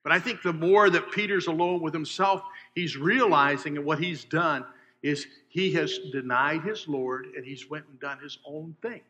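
A man preaching a sermon, asking his listeners questions and swinging between loud emphasis and hushed asides. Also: on the high side, normal speed, dull audio, slight background noise. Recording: long hall reverb.

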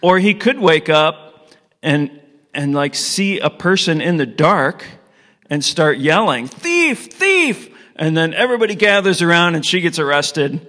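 In a reverberant church hall full of people, a middle-aged preacher narrates a story and questions his audience in a relaxed, conversational style. His voice sits high, bright and forceful, moving at normal speed.

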